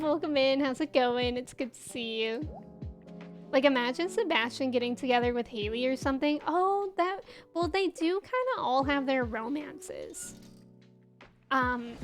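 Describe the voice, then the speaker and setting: Giggly young woman streamer with a high voice, chatting with her viewers, faint game music under her. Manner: chatty, giggly, greets and answers chat. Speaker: livestreamer. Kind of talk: casual chat while playing a game.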